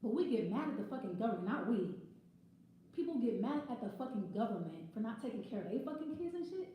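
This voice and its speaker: A woman's voice: fairly high pitch, sing-song, quick pace, heavy reverb, dull audio, slight background noise. A woman giving a casual tarot reading, ranting bluntly and swearing freely. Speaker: tarot reader.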